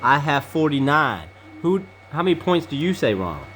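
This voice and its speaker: Low-voiced woman hosting family picks. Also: big pitch swings, fairly bright tone, slight background noise. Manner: brisk, calls on each person and repeats their picks. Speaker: podcast host. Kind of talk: casual family sports-picks chat.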